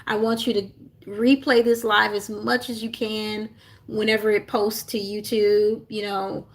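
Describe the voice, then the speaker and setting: A woman's voice: mid-range voice, level tone, unhurried. Young woman doing a livestream pep talk, earnest, lots of um and you know, keeps restarting. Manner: earnest, repetitive, encouraging, many fillers and restarts. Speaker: self-love coach and author.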